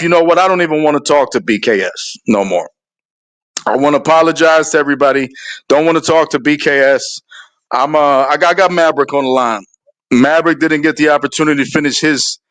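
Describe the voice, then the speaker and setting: Male stream host, higher voice, profane heated rant. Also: a bit bright. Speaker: show host. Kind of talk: ranting live stream talk.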